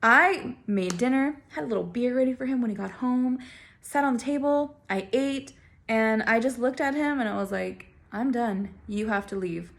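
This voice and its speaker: Sassy, animated woman telling a story. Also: a little high, normal speed, gravelly. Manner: animated, sassy, laughs often. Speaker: vlogger telling her own story. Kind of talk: casual storytelling.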